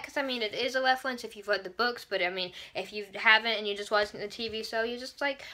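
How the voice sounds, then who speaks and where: A young woman with a crisp, bright voice pitched a little high chats through a fan review of a TV episode. She gushes and rambles, tossing in quick asides as she goes. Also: expressive. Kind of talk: casual fan review vlog.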